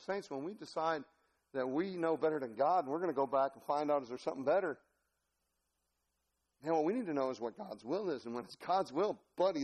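A man preaching a sermon as pastor, telling a story in an animated, folksy way with laughter. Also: a little high.

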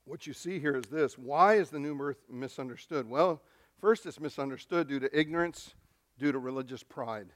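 A pastor preaching a sermon, swinging from hushed, near-whispered lines to loud, emphatic ones. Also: male voice, mid-range voice, moderate pace.

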